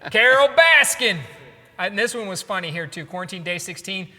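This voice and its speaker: Male host, high bright voice, jokey and laugh-prone, hall reverb. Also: fast. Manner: laughs often, upbeat and joking. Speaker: podcast host. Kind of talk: casual chat reading memes aloud.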